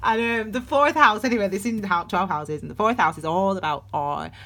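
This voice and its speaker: A woman with a medium-pitched, slightly bright voice speaks briskly. She gives a casual tarot and astrology reading, rambling and chatty, restarting often and calling her viewers darlings.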